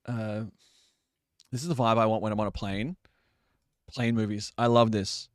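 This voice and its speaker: A man's voice: on the low side, steady tone, moderate pace, dry recording, studio quality. A man in his late twenties or thirties, a streamer chatting casually with his live chat and laughing often. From Australia.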